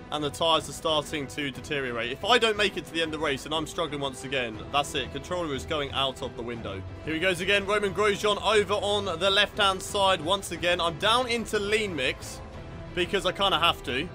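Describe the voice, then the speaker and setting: A man's voice: fairly high pitch, a little fast, faint music behind. A young man commentating live on his own racing game, getting frustrated and swearing at it. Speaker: gaming video host.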